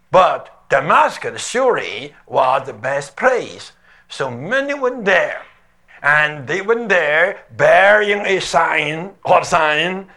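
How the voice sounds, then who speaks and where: An older male preacher tells a story with dramatic emphasis, leaning hard on key words. His voice sits high and sounds bright and sharp. He speaks slowly and deliberately. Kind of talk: sermon, played from an archive recording.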